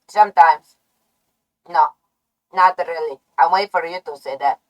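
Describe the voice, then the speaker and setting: A woman streamer doing chaotic ASMR trolling, playful and nonsensical, swinging from soft murmurs to sudden shouts. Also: fairly low pitch, normal speed, poor audio.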